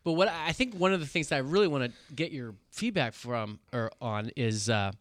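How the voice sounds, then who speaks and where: A man with a bright, forceful voice moves the conversation along with questions. It is a casual podcast chat, recorded dry and close on a studio mic. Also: mid-range voice, moderate pace, no room sound. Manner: steers the talk with questions. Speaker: podcast co-host.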